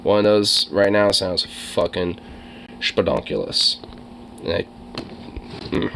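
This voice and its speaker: A young man streaming casually, rambling and swearing, quick to get excited. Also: low voice, creaky, a little hiss or hum, rough recording. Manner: profane, rambling, easily excited. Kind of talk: casual livestream chat.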